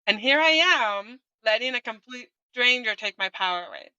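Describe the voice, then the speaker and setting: A woman's voice: a little high, lively intonation, moderate pace, sharp tone, clean tone, no echo, dull audio. A middle-aged woman guest candidly telling her own story in conversation, often ending on a tag question. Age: 40s or older.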